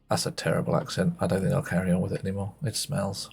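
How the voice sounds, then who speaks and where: A man's voice: low-pitched, flat delivery, quick pace, gravelly, hardly any pauses, darkish tone, slightly rough, faint music behind. A man giving chatty, self-mocking commentary while playing a game on a live stream, muttering asides to himself.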